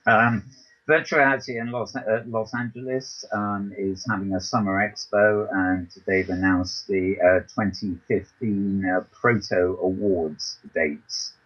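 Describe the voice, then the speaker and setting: Man, deep voice, husky, hesitant host reading news, dull lo-fi call audio. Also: fairly even intonation, measured pace, fairly bright tone. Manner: hesitant, many ums and restarts. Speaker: podcast host. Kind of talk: news roundup chat.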